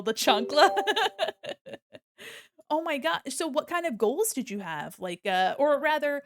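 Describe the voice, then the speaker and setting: A young woman streaming as an illustrator, chatting casually with bubbly, giggly greetings to her viewers. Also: sits high. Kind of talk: casual livestream chat.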